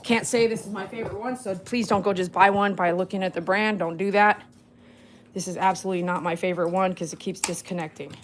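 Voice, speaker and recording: A woman's voice: mid-range voice, fairly even intonation, fast talker, a little hiss or hum. A woman from St. chatting casually in a home vlog, talking to her dogs and laughing easily, recorded on a phone. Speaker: dog groomer and vlogger. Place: home and backyard in winter.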